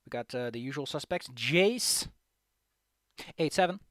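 A man's voice: medium pitch, lively intonation, a little slow, fairly bright tone, dry recording, studio quality. A man giving casual, sarcastic commentary while streaming a video game and joking with his chat.

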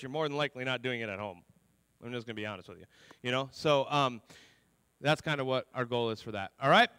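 High-voiced pastor in a reverberant hall. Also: male voice, a bit bright, clean tone. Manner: conversational, repeats words, many "you know"s. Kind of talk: sermon. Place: church sanctuary.

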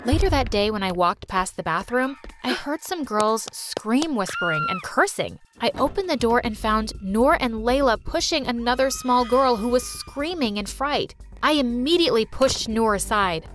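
A woman giving expressive, scripted first-person narration of an animated story. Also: fairly high pitch, moderate pace, hardly any pauses, soft background music.

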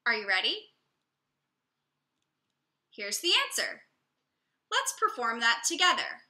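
A woman music teacher talks young children through a lesson, slow and clear. Her voice is high and very bright, with a lively, swooping pitch. The room around her is echoey. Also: slight background noise.

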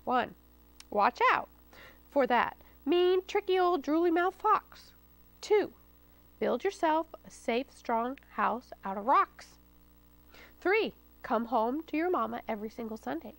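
A woman's voice: high voice, lively intonation, slow pace, fairly bright tone, no echo, heavily acted. Firm bossy storybook mama pig, stern but caring, as a woman plays her.

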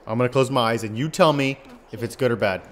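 A man's voice: medium pitch, fast, slight background noise. A man playfully talking through a farming video game with his young son, laughing and teasing as he plays. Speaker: gaming channel host, playing with his son. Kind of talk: casual gaming commentary.

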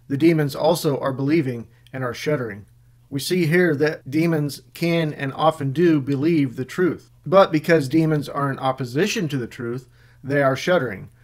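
A man narrates a Bible teaching in a steady, measured read, quoting scripture passages between his points. His voice sits slightly high for a man. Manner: measured, reads scripture aloud.

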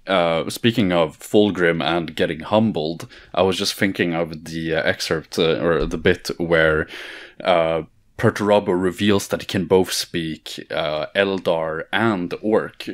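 A man's voice: deep voice, unhurried. Laid-back man retelling lore. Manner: laid-back storytelling, swearing, retelling lore scenes in character. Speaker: podcast co-host. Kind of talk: casual podcast chat.

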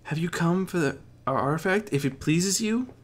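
A man's voice: a little high, expressive, normal speed, pitched above the performer's own voice. A man doing a meek, bowing servant. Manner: meek, deferential. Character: meek male servant figure.

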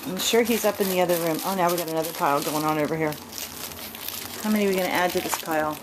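A woman breeder filming her puppies at home, narrating casually and slipping into high sing-song baby talk. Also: racing. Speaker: dog breeder. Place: indoor room at home with puppies. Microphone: handheld camera mic. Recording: noisy home camcorder recording.

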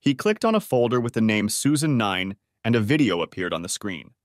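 A man narrating a dramatic story audiobook in a steady, low storytelling manner. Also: fairly quick, no echo, clean studio sound.

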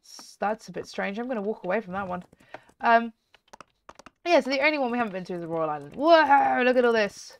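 A woman giving chatty, excitable let's-play commentary as a gaming YouTuber, often giggling. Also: on the high side, fairly quick.

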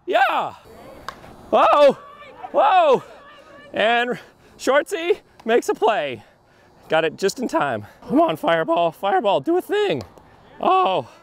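A man giving excited, joking play-by-play of a softball game from an outdoor field, filmed by a camera on a tripod. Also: very high-pitched. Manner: excitable, joking, yelps and exclamations. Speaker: vlogger and softball player.

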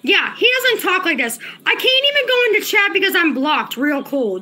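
A woman's voice: very high voice, very animated, brisk, few pauses, bright, forceful tone. A woman livestreaming and talking to her chat, agitated and profane, often repeating herself. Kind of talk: casual livestream chat, reading chat.

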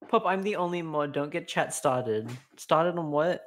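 A man's voice: fairly high pitch, animated, measured pace, few pauses, fairly bright tone. A man joining a livestream as co-host and moderator, bantering in a teasing, playful way. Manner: teasing, playful, mumbly asides.

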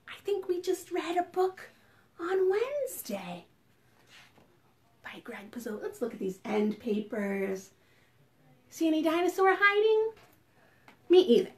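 Really high-pitched young woman reading a picture book to little kids, slow and gentle, gasps and whispers a lot. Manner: animated, gasping and whispering to draw children in. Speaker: children's librarian. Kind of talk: preschool storytime read-aloud.

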